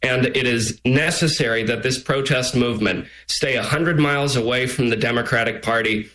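A man, an immigration attorney, speaking as a guest in a news interview in a forceful, argumentative way. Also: mid-range voice, moderate pace, rough recording.

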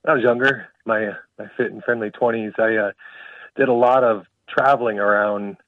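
Brief: hesitant male radio caller, low voice, thin phone-line sound. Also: steady tone, fairly quick, no echo, distant mic. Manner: hesitant, with fillers. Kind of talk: calling in to a radio show.

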